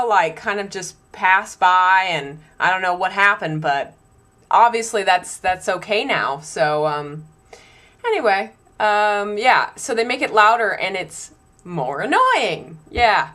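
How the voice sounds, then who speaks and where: A young woman venting her pet peeves in a casual home vlog, exasperated and animated, with frequent ums. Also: medium pitch. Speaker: vlogger.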